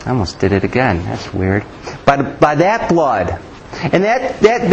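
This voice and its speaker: A man's voice: sits high, a little hiss or hum, low-quality recording. A man preaching a Bible teaching sermon, asking rhetorical questions and often restarting his sentences.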